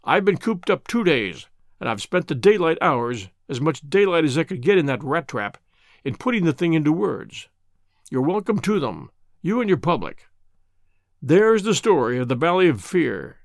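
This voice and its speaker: A man's voice: on the high side, very animated, normal speed, no echo, clean studio sound. A man reading an older American fugitive who speaks with a blunt, folksy, earnest manner and an American accent.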